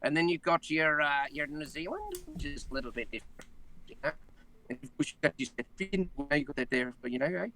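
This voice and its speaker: Fast, bright-voiced joking man. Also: fairly high pitch, a little hiss or hum, poor audio. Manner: quick, jokey, slips into voices and accents. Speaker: voice actor guest. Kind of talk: casual chat on a call-in talk show.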